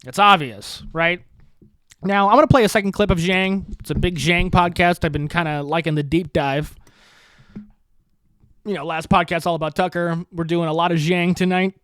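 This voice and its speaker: A man's voice: high voice, fairly even intonation, moderate pace, a bit bright, clean tone, no echo, clean studio sound. A man hosting a podcast, rambling with sarcasm, swearing freely and laughing at his own jokes. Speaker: podcast host. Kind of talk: casual profane commentary.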